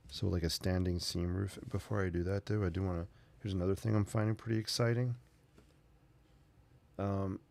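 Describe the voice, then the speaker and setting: Host, male, low and gravelly; relaxed running commentary while drawing. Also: no echo. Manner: chatty, thinks aloud while drawing. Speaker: sketching channel host. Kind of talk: casual narration while sketching.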